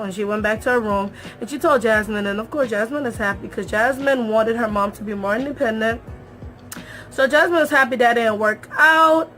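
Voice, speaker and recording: A young woman recaps a reality show for her viewers in a casual, animated way. Her voice sits a little high, and she hammers her points home by repeating herself. Soft music plays underneath. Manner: animated, emphatic, repeats phrases for effect; talks straight to viewers, calls them y'all.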